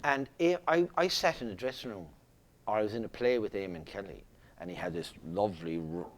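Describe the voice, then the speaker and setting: A man's voice: on the low side, fairly quick, a little hiss or hum. A middle-aged Irish man, a guest actor, telling stories in a casual interview chat. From Ireland. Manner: animated storyteller, many restarts.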